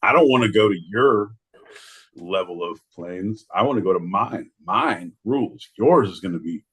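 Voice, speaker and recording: Husky, low-voiced joking podcast man. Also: lively intonation, moderate pace, a bit bright. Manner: playful, riffs on wordplay, swears. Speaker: podcast co-host. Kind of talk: casual joking chat.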